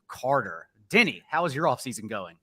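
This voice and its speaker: A man's voice: mid-range voice, big pitch swings, normal speed, a bit bright, slightly rough. A man hosting a casual fantasy football podcast, joking and bantering with his guest. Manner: playful, jokey banter. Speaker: host.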